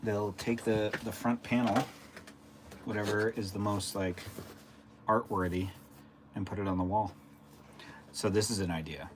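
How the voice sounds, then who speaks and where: A man's voice: on the low side, steady tone, unhurried, pauses often, a little hiss or hum. A man casually chatting on a live stream. He rambles along and answers viewers' chat messages as they come in.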